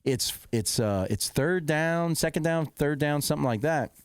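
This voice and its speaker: A middle-aged man, hosting a podcast, rambling and correcting himself as he excitedly recounts a football game. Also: on the high side, moderate pace, smooth, no room sound, clean studio sound. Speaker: podcast host. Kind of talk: casual storytelling.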